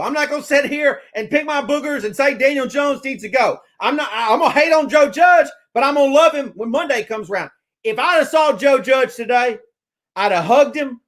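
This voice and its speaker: High-voiced excitable male sports vlogger. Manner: excitable, rambling, stammering restarts, swears. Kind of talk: casual fan rant to camera.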